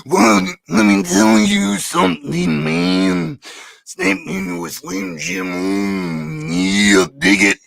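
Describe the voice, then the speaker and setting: This is a swaggering wrestling-promo impression from a man, raspy and slowly drawled, with a showman's bark. It is recorded dry and close. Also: mid-range voice, very animated, fairly bright tone, no room sound, heavily acted.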